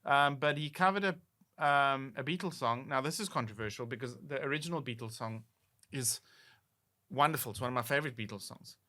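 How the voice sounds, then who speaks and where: A man's voice: mid-range voice, brisk, bright, forceful tone. A man co-hosting a podcast, chatting enthusiastically about music he loves. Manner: enthusiastic, gushing about songs. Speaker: podcast co-host. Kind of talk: casual chat.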